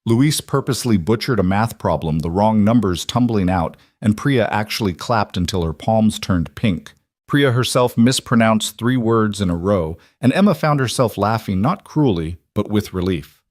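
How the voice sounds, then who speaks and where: Low-voiced male story narrator. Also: expressive, normal speed, darkish tone, no room sound.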